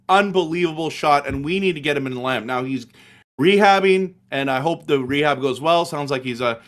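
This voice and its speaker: Passionate high-voiced man. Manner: passionate, ranting, animated. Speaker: hockey show host. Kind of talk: casual sports chat.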